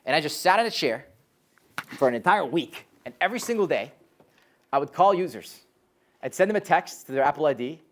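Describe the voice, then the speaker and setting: A young man giving a live talk to a college class as a startup founder, telling stories in a lively way, full of "like" and "um," and acting out quoted voices. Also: on the high side, a little fast, long pauses. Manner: lively storyteller, frequent "like" and "um", animated quoted voices.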